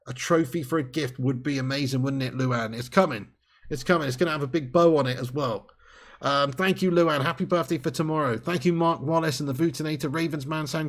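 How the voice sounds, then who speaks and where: A man's voice: mid-range voice, husky. A man hosting a live fan stream, chatting, joking and thanking viewers by name. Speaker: fan channel host.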